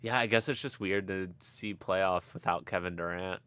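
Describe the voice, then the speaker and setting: A man's voice: low-pitched, steady tone, normal speed, a bit bright, clear, resonant tone. A young man co-hosting a sports podcast, laid-back, giving short agreeing replies in casual chat. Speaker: podcast co-host.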